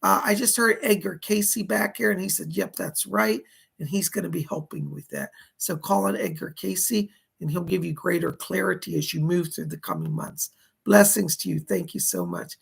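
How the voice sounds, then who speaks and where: Speaking at a normal speed in an expressive high voice, this male medium reads viewers' donations and questions during a live stream. He relays spirit messages full of "he said," sounding hoarse and coughing from time to time.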